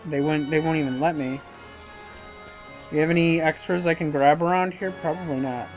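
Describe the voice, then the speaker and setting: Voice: mid-range voice, steady tone, brisk, soft background music. A YouTuber giving casual, rambling commentary over a game playthrough, talking to himself about where to go. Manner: rambling, self-talking, hesitant fillers. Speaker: let's-play commentator.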